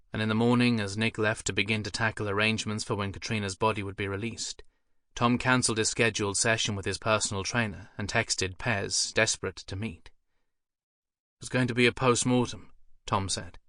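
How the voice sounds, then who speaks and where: A man narrating an audiobook in a measured, somber way, recorded close in a studio. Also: lowish voice, sharp tone, no echo. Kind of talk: scripted narration.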